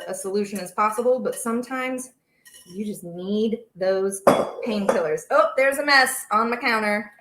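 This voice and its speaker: A woman's voice: medium pitch, a bit bright, reverberant, a little hiss or hum. A young woman hosting a casual baking livestream from her home kitchen, chatting and reading out viewer comments. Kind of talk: casual live-stream chat while cooking.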